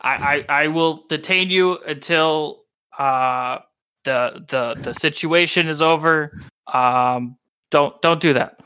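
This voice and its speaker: A man's voice: fairly high pitch, takes it slowly, sharp tone, clean tone, no room sound, muffled recording. A man doing a stammering, flustered young deputy. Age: late twenties (figure). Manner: stammering, flustered, overly polite. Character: nervous young male small-town deputy.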